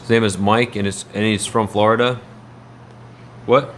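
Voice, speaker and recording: Low-voiced man rambling on a livestream. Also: level tone, moderate pace, a little hiss or hum. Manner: rambling, answers chat messages. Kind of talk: casual livestream chat.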